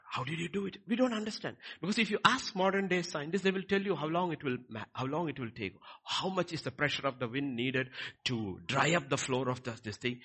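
A man preaching a sermon, swinging between quiet lines and loud, emphatic ones. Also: a little high, husky. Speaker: pastor.

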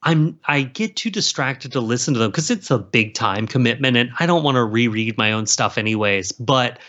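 A man chats as a guest in a casual interview, rambling and animated, piling up fillers and restarts. His voice sits at an ordinary middle pitch. The sound is a little dull and lo-fi. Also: moderate pace. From South Carolina. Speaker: author guest.

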